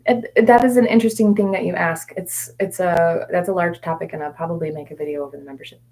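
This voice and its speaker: A woman coaching viewers in a live question-and-answer session, candid and meandering, with fillers and self-corrections, sometimes dropping to soft whispered repetitions. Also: lowish voice, steady tone, fast. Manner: soft-spoken, drops to quiet whispered repetitions. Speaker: mindset coach.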